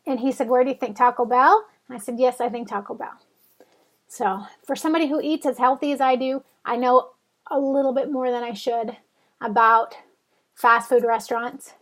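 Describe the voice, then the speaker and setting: Chatty high-voiced woman vlogger. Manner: chatty, rambling, self-mocking. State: back pain. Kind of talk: casual storytelling vlog.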